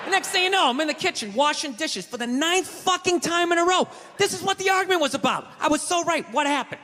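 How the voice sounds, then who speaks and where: A man's voice: very high-pitched, lively intonation, quick pace, hardly any pauses, noisy background. Male Boston comic, ranting profane stand-up, live stage mic, reverberant theater. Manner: ranting, profane, bursts into shouts. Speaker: stand-up comedian. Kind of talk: stand-up routine. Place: large theater stage with audience. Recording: live hall with crowd laughter.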